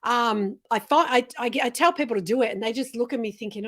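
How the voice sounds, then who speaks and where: A woman hosting an interview, speaking expressively and acting out quotes in a softer voice. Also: fairly high pitch, fast talker. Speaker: host. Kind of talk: heartfelt interview conversation.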